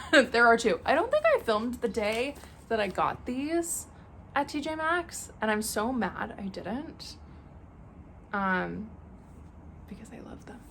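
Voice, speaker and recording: A woman's voice: fairly high pitch, very animated, slow, fairly bright tone, a little hiss or hum. Gushing young woman vlogging at home. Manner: gushing, effusive exclamations. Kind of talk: casual vlog chat. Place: home apartment, indoors.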